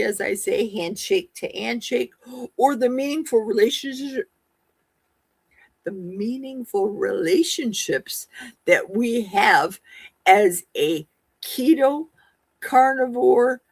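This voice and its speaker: Husky-voiced woman in her sixties, chatting slowly. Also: mid-range voice, no echo. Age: 60s. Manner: chatty, sassy, talks back to viewers' comments. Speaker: livestream host. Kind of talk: casual live-stream chat reading comments.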